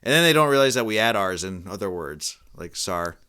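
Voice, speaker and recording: Man, Boston accent, bright forceful tone, clear crisp voice, casual podcast chat, laughs a lot. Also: on the low side, sing-song, a little fast. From Boston area. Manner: laughs often, restarts phrases. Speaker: podcast co-host.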